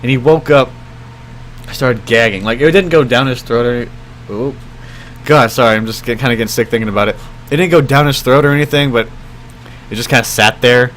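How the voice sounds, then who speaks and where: A young man casually telling a story on his vlog, rambling with lots of fillers and jumping his pitch when he quotes people. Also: brisk, fairly bright tone, slight background noise. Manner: rambling, many fillers like "like" and "I mean"; acts out quoted voices with jumps in pitch. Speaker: vlogger.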